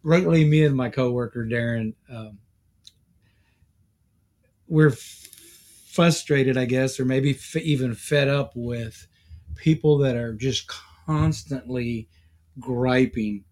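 A man's voice: medium pitch, takes it slowly, pauses often, a little mellow. Earnest man in casual chat.

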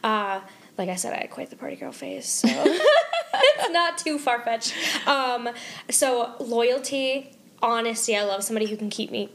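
A woman co-hosting a podcast in casual chat, reacting with gasps, quick exclamations and easy laughter. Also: on the high side, sing-song, vocal fry, a bit bright. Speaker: podcast co-host.

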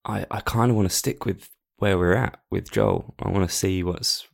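Low gravelly guy on a podcast, kinda hesitant, lots of ums. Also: normal speed. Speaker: podcast co-host. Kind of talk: casual chat.

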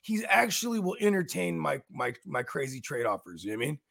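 High, husky man. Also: a little fast, dry recording. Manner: animated storyteller, swears, slangy. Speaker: co-host. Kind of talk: casual morning podcast chat.

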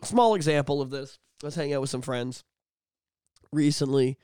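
A man co-hosting a podcast in casual chat, animated, swearing freely and laughing often. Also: medium pitch, moderate pace, smooth, no room sound, clean studio sound. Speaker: podcast co-host.

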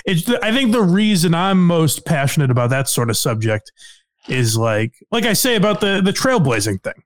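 A man's voice: on the high side, very animated, normal speed, dry recording, clean studio sound. A man hosting a podcast, chatting casually, laughing often and swearing freely. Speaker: podcast host. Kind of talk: casual chat.

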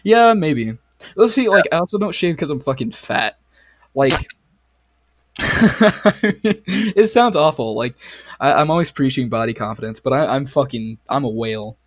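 A man's voice: medium pitch, expressive, fairly quick, no room sound, clean studio sound. A young man co-hosting a casual podcast, swearing a lot and retelling stories with animation. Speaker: podcast co-host. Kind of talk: casual chat.

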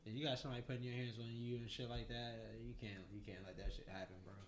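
A man co-hosting a podcast, telling a story in a casual, animated way, swearing a lot and laughing as he goes. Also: very fast, slight background noise. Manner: animated, profane storyteller, voice jumps high when excited. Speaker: podcast co-host.

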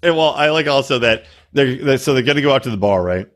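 A man's voice: mid-range voice, animated, quick pace, a bit bright. A man co-hosting a podcast in crude casual chat, joking and acting out people in mocking voices. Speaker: podcast co-host.

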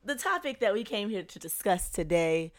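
A woman's voice: mid-range voice, sing-song, moderate pace. A woman appearing as a guest on a casual podcast, matter-of-fact as she keeps correcting the host.

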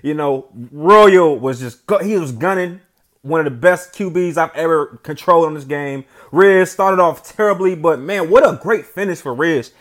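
Young male gaming host, slightly high voice, casual play-by-play, swings between shouted hype and low, calm commentary. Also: moderate pace. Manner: excitable, shouts and laughs at big plays, then settles into quiet reflective talk. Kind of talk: gameplay commentary.

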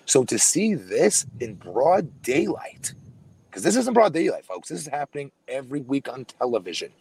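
Emphatic husky man on a podcast. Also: medium pitch, very animated, normal speed, mellow. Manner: emphatic, blunt opinions. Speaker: podcast co-host. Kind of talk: casual wrestling chat.

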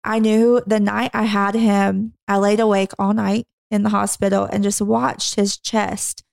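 A woman in her thirties co-hosting a podcast, telling her own story in a reflective, unhurried way with frequent pauses. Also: mid-range voice, level tone, vocal fry, darkish tone, no echo, clean studio sound. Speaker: podcast co-host. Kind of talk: candid personal testimony.

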